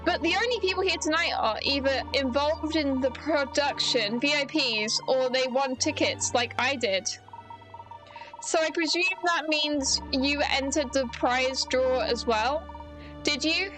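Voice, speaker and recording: A woman reading aloud as a cheerful young woman detective, brisk and teasing. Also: high voice, over music, poor audio.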